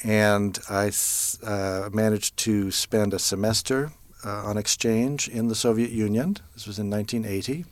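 Low-pitched American man in his fifties, measured and thoughtful, pausing with fillers, dry recording. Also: steady tone, no room sound. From United States. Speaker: interview guest, interpreter. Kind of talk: relaxed storytelling in an interview.

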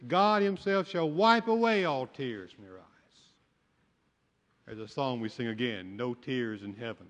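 A man's voice: mid-range voice, animated, measured pace. An older man, a pastor, preaching a sermon with folksy storytelling and humor. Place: church sanctuary. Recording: long church hall reverb.

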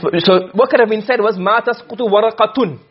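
A man's voice: high voice, quick pace, slightly rough, highs cut off. A man teaching a class on Arabic grammar, quizzing his students with frequent questions.

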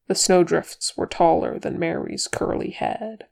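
A woman narrating a chapter of fan fiction as an audiobook reader, measured and expressive. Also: fairly low pitch, creaky.

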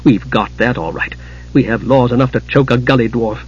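A man reading an audiobook, voicing a fiery, outspoken young woman innkeeper with a husky voice. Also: a little high, a little fast, muffled recording. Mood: indignant. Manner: bitter, indignant tirades.

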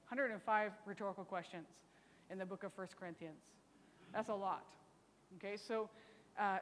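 A woman's voice: mid-range voice, big-room sound. A woman teaching a Bible study lesson in a chatty, teasing way, often asking rhetorical questions.

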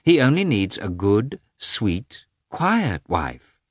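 A man voicing an excitable young Russian noblewoman who gushes eagerly in a storybook reading. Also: on the low side, takes it slowly, husky, no room sound, clean studio sound, exaggerated voice. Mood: excited. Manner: breathless, gushing, eager.

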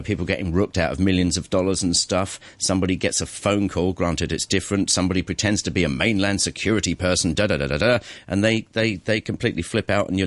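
Low-voiced skeptical radio host, man. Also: dry recording. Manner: chatty, skeptical, interrupts. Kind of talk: casual radio chat. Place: radio studio. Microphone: studio microphone.

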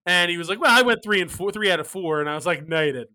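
Male podcast host, high and bright voice, wry ranting banter. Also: very fast. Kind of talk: casual sports betting podcast chat.

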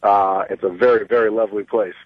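A man's voice: on the low side, fairly even intonation, a little fast, no echo. A brash, boastful middle-aged man calling in to a radio show and telling a long story. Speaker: caller. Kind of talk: phoned-in storytelling. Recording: muffled phone line.

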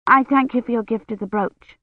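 A woman's voice: a little high, fairly even intonation, brisk, dry recording, voice pushed up, natural voice. A woman narrator voicing a frightened young noble girl who speaks stiffly and pleadingly. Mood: tense. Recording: dry, dull lo-fi audiobook recording.

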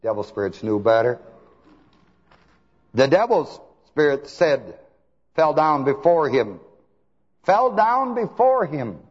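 A man preaching a sermon, asking his listeners to fill in words and swinging between soft talk and shouts. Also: a little high, sing-song, slow pace, pauses often. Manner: asks the congregation to fill in words. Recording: long hall reverb, dull lo-fi sound.

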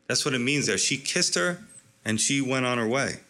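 A man's voice: medium pitch, a little fast, sharp tone. A man preaching an expository sermon, emphatic, stretching out key words and asking rhetorical questions. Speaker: pastor.

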